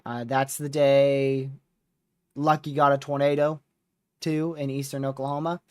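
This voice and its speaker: A man's voice: mid-range voice, unhurried, clear, resonant tone, no echo, studio quality. A tired, yawning man hosting a weather livestream, casually rambling through a recap of past days. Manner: rambling, relaxed recap with fillers. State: exhausted, yawning. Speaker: storm chaser livestream host.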